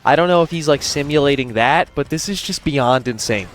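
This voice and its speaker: A man's voice: mid-range voice, fairly quick, a bit bright. Incredulous male commentary narrator. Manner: incredulous, explanatory.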